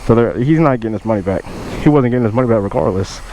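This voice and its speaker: A young man, casually telling a storytime and quoting others in a raised, lively voice. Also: medium pitch, racing, noisy background. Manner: animated retelling, quotes others in raised voice. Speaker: motovlogger.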